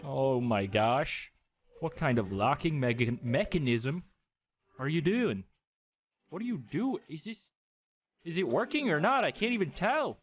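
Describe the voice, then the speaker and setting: A man's voice: mid-range voice, big pitch swings, moderate pace, music in the background. A man joking his way through comic reaction commentary on viral videos, playful and exclamatory.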